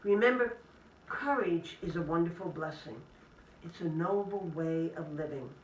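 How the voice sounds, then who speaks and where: Gentle religious sister speaking from afar. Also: female voice, on the low side, a little hiss or hum. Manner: gentle, measured delivery in short list-like phrases. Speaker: Catholic sister giving a spiritual talk. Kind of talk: inspirational talk to a live audience. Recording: echoey room, speaker distant from the mic.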